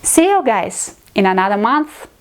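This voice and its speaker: Slow-speaking woman language teacher. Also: mid-range voice, sing-song, a little hiss or hum. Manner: patient, explains step by step in simple non-native English. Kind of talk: online video lesson.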